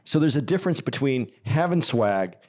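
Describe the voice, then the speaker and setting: A man co-hosting a podcast, making his points in a measured, reasoning way with hesitant restarts. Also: medium pitch, lively intonation, a little mellow. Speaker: podcast co-host. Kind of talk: casual podcast chat.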